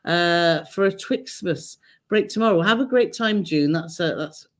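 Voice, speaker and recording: A woman from Britain co-hosting a casual travel live stream, chatty and quick to laugh as she reads out viewer comments. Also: lowish voice.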